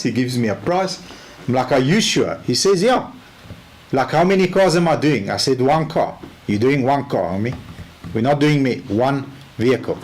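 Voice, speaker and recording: A South African man giving a casual training talk, telling a story in an animated way and acting out both sides of the conversation. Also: medium pitch, slight background noise. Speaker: car sales trainer.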